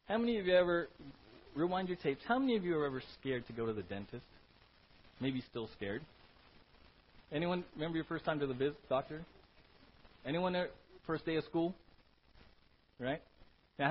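A male pastor preaching a sermon in an animated way, often checking in with "right?", in a dull lo-fi recording. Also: on the high side. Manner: animated, keeps asking "right?".

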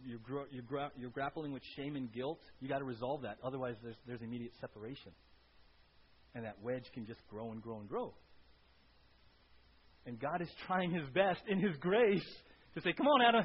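A male pastor giving a conversational sermon with an animated delivery, often checking in with the congregation by asking "right?". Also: a little high, breathy edge. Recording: dull lo-fi recording with faint hiss.

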